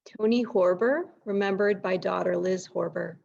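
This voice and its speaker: A woman announcing each memorial remembrance in a measured, formal way, on a dull lo-fi recording. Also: medium pitch, vocal fry, darkish tone. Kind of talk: read announcements.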